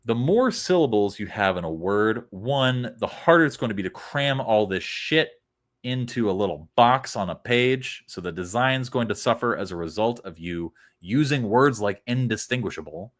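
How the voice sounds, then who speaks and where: Blunt man reviewing copy, deep low voice, sarcastic asides. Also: lively intonation, moderate pace. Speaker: copywriting critic. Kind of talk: casual critique of web copy.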